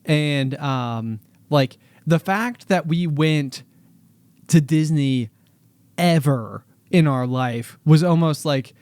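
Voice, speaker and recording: A man in his thirties co-hosts a podcast, chatting casually in a voice on the high side that takes things slowly, darkish and smooth with no room sound. He rambles with lots of fillers and restarts.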